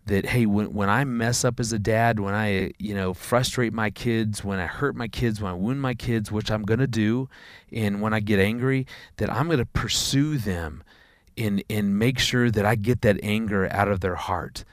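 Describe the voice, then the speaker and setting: A man, a father of four, telling a personal story in a conversation, earnest and halting, often repeating words. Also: on the low side, no echo, clean studio sound.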